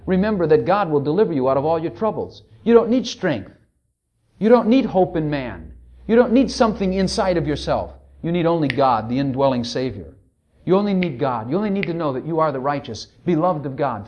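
Fervent preacher, lively high voice. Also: male voice. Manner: fervent, swinging from loud to hushed; reads scripture in King James wording. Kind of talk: sermon with scripture reading.

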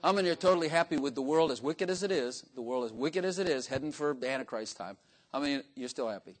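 A man's voice: medium pitch, lively intonation, quick pace. An older man preaching a sermon in a folksy, joking way, acting out little dialogues in different voices. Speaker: pastor.

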